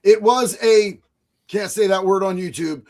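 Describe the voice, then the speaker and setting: A man hosting a live stream, reading chat messages aloud in a loud, excitable way, often shouting. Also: high-pitched, a little slow.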